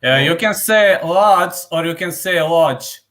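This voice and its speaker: A man co-hosts a casual live betting chat, mostly answering in short replies. He patiently helps his partner get names right. His voice is bright and forceful. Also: a little high, normal speed. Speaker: betting podcast co-host.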